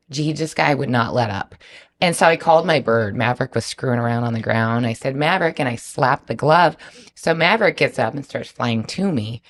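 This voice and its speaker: Very low-voiced gravelly woman storyteller. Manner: animated, laughs while telling stories, acts out quoted voices. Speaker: falconer guest. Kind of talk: casual storytelling.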